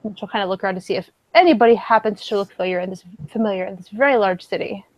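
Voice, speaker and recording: A woman's voice: medium pitch, rapid-fire. A woman narrating her character in a tabletop role-play session, chatty and giggly.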